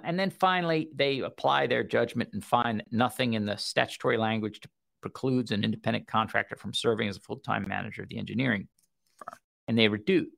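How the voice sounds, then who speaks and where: A man's voice: mid-range voice, gravelly, fairly bright tone. A man giving casual legal commentary on a program, reading quoted passages aloud with frequent fillers and restarts, and a wry tone. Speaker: legal commentator on a radio show.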